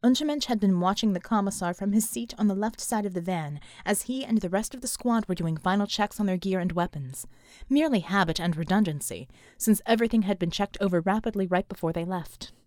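A woman narrates an action novel in a steady, even audiobook delivery. Her mid-pitched voice is recorded close and dry. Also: fairly quick, no echo. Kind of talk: scripted narration.

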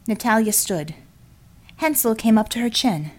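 A woman narrating a story for an audiobook, in an expressive storytelling manner. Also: mid-range voice, normal speed.

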